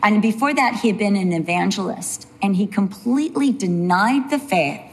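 An earnest woman teaching a Bible study in a medium-pitched voice. She drags out key phrases for emphasis, then drifts into friendly side remarks. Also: expressive, a little hiss or hum. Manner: earnest, slows down for emphasis, chatty asides.

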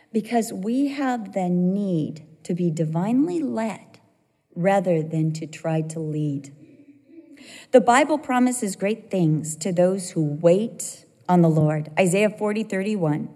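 A woman preaching a sermon, telling a personal story in an animated way with bursts of laughter. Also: on the high side. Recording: long hall reverb.

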